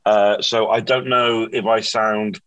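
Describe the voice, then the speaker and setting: A man's voice: fairly low pitch, level tone, takes it slowly, fairly bright tone, rough recording. A man with a Bristolian accent hosting a casual comedy podcast from a hotel room, chatty and self-mocking, sounding weary. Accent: Bristolian English. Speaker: podcast host.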